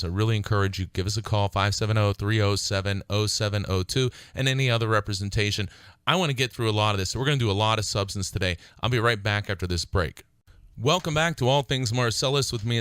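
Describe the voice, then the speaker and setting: With a fairly low, clear and resonant voice that has a fairly bright tone, this male attorney hosts a call-in legal advice radio show. His delivery is emphatic and fired-up, repeating points for stress, on a dry recording.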